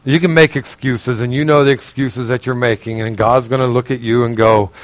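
A male pastor preaching in a conversational, earnest way, asking the congregation direct questions and swinging between raised, emphatic passages and quiet, low asides. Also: steady tone, a little fast, few pauses, no echo, rough recording. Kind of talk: sermon.

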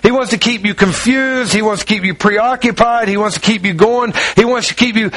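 A pastor preaching a conversational sermon, rambling informally with restarts and slang. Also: male voice, high-pitched, lively intonation, a little fast, a bit bright, no echo, rough recording.

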